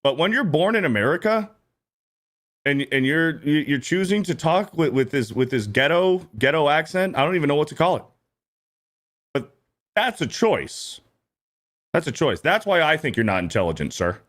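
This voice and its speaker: A man's voice: fairly high pitch, sing-song, moderate pace, pauses often, fairly bright tone. A man hosting a stream, giving casual reaction commentary in a blunt, profane, repetitive way. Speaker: streamer host.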